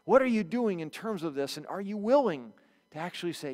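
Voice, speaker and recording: A male pastor preaching a sermon in a church, telling the story with lively acted-out bits. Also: sits high, brisk, long reverb tail. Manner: animated storytelling, acts out quotes. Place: church sanctuary.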